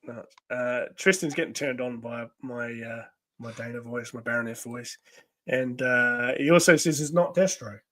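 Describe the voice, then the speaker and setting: A man's voice: medium pitch, normal speed, a bit bright. Chatty man reading a comic. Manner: chatty, hesitant with many fillers. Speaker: host. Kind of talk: casual live comic read-along.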